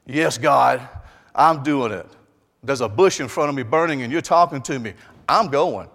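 Preacher doing old moses, loud n eager, big churchy reverb. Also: male voice, medium pitch, moderate pace, vocal fry. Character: Moses, elderly man, eager then doubting.

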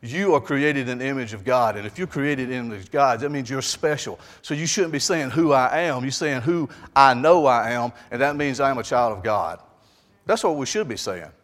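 Pastor guy preaching, chatty n lively, lapel mic, long church echo. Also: medium pitch, brisk. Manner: conversational, animated, with asides. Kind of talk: sermon. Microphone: lapel mic on jacket.

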